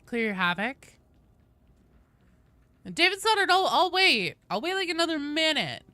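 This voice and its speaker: A chatty, excitable woman streams a game and greets her viewers one by one in casual live-stream chat. Her fairly high, bright voice leaps up and down constantly, though her pace is unhurried, and the recording is close and dry.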